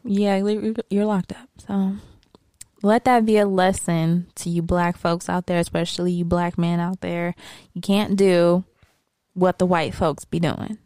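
Smooth-voiced woman telling stories casually. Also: lowish voice, a little slow, dry recording. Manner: animated storytelling, mock-sings and acts out quotes. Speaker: podcast co-host. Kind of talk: casual chat.

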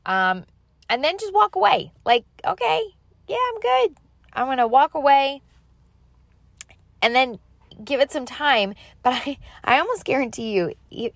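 A woman's voice: medium pitch, no echo. A woman in her thirties talking casually and rambling about faith and journaling, chatty and self-deprecating, with a slight allergy cough. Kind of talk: casual faith-based advice talk.

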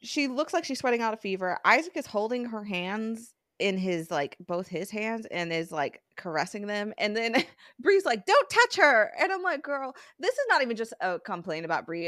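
A woman hosting a casual book discussion podcast, chatty and animated, with quick asides. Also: medium pitch, no room sound, studio quality. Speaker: podcast host.

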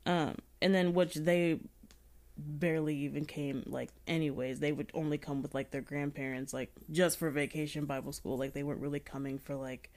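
Young woman rambling on a podcast, lowish voice, says like a lot. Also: steady tone, moderate pace, a little mellow. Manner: rambling, fills with "like", laughs often. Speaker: podcast co-host. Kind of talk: casual chat.

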